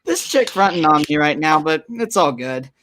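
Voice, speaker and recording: A man's voice: a little high, animated, normal speed, fairly bright tone, slight background noise. A man putting on a New York accent to play a brash, slangy young street guy, breaking into laughter between lines. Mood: swaggering.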